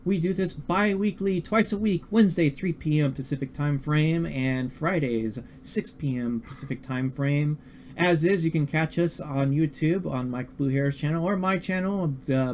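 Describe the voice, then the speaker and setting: A man's voice: a little high, a little mellow, slight background noise. A man hosting a live-streamed talk show, speaking casually and often stumbling over his words. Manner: halting, repeats words and restarts. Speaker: podcast host.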